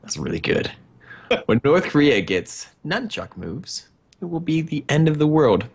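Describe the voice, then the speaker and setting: A man's voice: fairly high pitch, very animated, unhurried, creaky, husky. A man in casual game chat, reading card combinations in a playful rhythm. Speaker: player.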